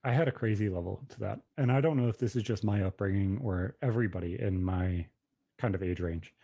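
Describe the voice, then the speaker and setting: A man's voice: on the low side, a little fast, creaky, mellow, no room sound. A man in his thirties telling a personal story on a podcast in a blunt, profane, emphatic way. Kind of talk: casual podcast conversation.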